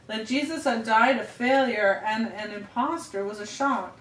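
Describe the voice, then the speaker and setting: A woman reading a story aloud to her children at home, steady with small slips and restarts. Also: a little high, unhurried, hardly any pauses. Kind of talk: family storybook read-aloud. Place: home room. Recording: roomy home room, distant mic, faint hiss.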